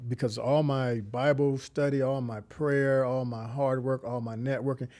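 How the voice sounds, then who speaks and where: This middle-aged man, a community founder appearing as an interview guest, speaks in a mid-range, somewhat dark voice with fairly even intonation and a moderate pace. His faith testimony is earnest and reflective, and he often restarts his sentences.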